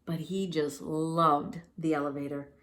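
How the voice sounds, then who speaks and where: A woman reading a children's story aloud with gentle, lively storytelling. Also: low voice, a little slow.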